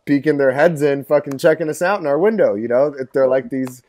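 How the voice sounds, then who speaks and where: A man's voice: fairly high pitch, fairly quick, a little mellow, a little hiss or hum. A man in his late twenties telling a story as a podcast guest, rambling and profane with constant filler words. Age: 20s. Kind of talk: casual storytelling.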